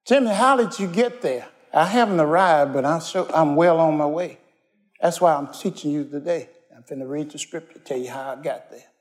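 A pastor preaches in a folksy, down-to-earth way, slipping into casual slang and pausing to ask the congregation to answer him. His voice sits a little higher than most men's. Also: fairly even intonation, a little mellow. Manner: folksy, call-and-response preaching; plainspoken storytelling with everyday slang. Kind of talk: sermon.

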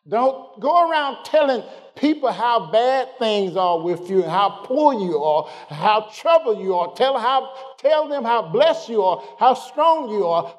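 A man preaches a sermon, tossing questions to the congregation and stretching out scripture slowly. His voice sits high and climbs further as he builds. Long church-hall reverb trails every phrase. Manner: call-and-response, questioning the congregation; drawls scripture slowly, rising in pitch as he builds.

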